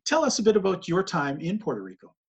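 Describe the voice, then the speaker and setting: A man's voice: high-pitched, huge pitch swings, fast, husky, dull audio. A man hosting an interview, asking eager, curious questions in a casual way. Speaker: host.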